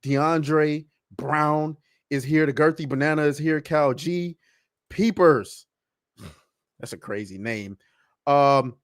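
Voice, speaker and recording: Male stream host, casual and profane, bouncy high voice, dry close sound. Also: no echo. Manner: loose, profane, reads out chat names. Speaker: podcast host. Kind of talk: casual livestream chat.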